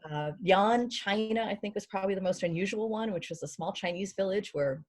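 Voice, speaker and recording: A woman from the United States, a housesitter, telling travel stories in a relaxed, casual way on a video call. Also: medium pitch, a little fast. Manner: relaxed storyteller, lively when animated. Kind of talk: casual group video chat.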